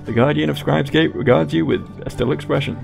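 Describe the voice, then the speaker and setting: A man's voice: a little high, fairly quick, vocal fry, a little mellow, soft background music. A man reading game text aloud with playful asides while he plays. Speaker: gaming YouTuber. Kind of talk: game narration and commentary.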